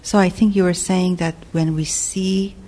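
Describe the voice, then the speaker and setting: A woman in the audience asks a question and searches for her words as she goes. Her voice is low and mellow, and she speaks slowly. A faint noise sits behind her. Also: steady tone, low-quality recording. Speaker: audience member asking a question.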